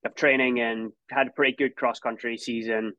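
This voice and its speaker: A man's voice: medium pitch, little pitch movement, moderate pace, no room sound, lo-fi sound. Scottish man, thirties, casual interview guest, rambling with fillers and restarts, dry close sound. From Scotland. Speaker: guest, former college runner.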